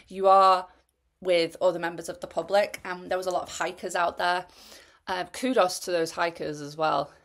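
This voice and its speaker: A woman's voice: lowish voice, a bit bright. A young woman tells the story of her race candidly, laughing often and poking fun at herself. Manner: chatty, laughs often, self-deprecating. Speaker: ultrarunner recounting her race.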